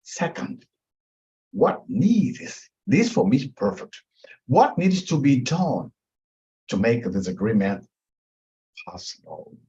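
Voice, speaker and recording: A male mediation instructor speaks slowly, letting each point land before moving on. His pitch swings widely as he stresses and repeats key words. The recording sounds dull and lo-fi. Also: big pitch swings, mellow. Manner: emphatic, repetitive, drawn-out teaching delivery. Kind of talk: webinar teaching.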